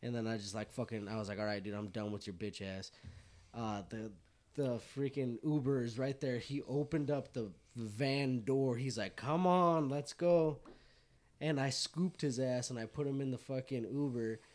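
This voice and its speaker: A man's voice: medium pitch, fairly even intonation, moderate pace, a little mellow. A man casually telling a rowdy story to friends, swearing and laughing as he goes.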